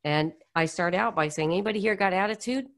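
A woman's voice: mid-range voice, fast talker. A middle-aged woman from the United States, telling her story in an interview and acting out the voices of people she quotes. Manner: animated, acts out quoted voices. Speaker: guest speaker on poverty.

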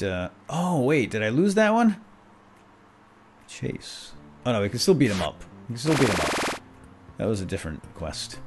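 A man giving excitable, chatty gameplay commentary, talking back to game characters as he plays. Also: medium pitch. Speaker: let's play host.

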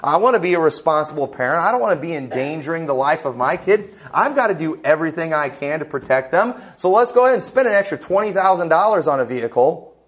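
A man voicing a worried mother who talks herself into buying a safe car, in soft, anxious pleading. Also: a little high, expressive, fast, close to an everyday voice.

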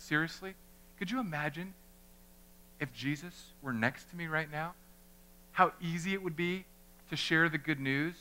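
A young man preaching a sermon as pastor in a church, animated and conversational, acting out the people he quotes. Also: high-pitched. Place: church chapel.

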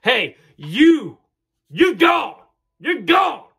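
A man voicing an angry baseball coach who shouts commands in a strained, high voice. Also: huge pitch swings, very slow, creaky, breathy edge, exaggerated voice. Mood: furious.

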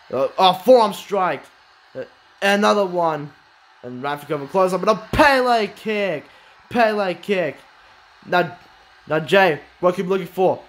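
A man with a high voice and a light lilt calls a wrestling video game match blow by blow. He is excitable, exclaims often and swears freely. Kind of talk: excited play-by-play commentary.

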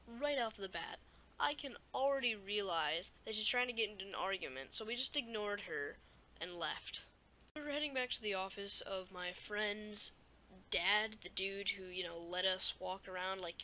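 A teenage girl telling a school story in a rambling vlog, with lots of "like" and "okay?" and animated asides. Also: mid-range voice, a little hiss or hum, low-quality recording. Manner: rambling, animated, fillers like "like" and "right?". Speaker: YouTuber.

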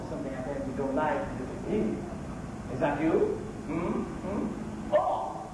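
Fussy French waiter played by a man, high and drawling, nosy, recorded far off in a noisy echoey room. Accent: French put-on. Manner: teasing, drawn-out, nosy questions.

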